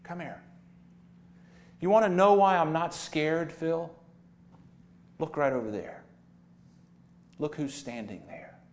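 A preacher putting on a chummy little sheep. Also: male voice, a little high, slow pace, long pauses, a little hiss or hum, voice pushed up. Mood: confiding. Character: little frightened sheep, calm and folksy.

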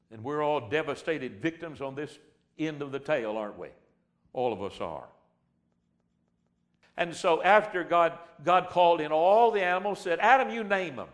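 An older man preaching a sermon in a folksy way, reading scripture and swinging between loud emphasis and hushed asides. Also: fairly high pitch. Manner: folksy, addresses the congregation as a class.

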